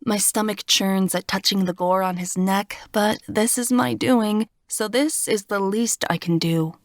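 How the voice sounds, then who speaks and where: A woman reading a first-person fantasy audiobook in a steady, expressive storytelling voice, recorded on a close studio mic. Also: medium pitch, unhurried, no echo. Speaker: audiobook narrator.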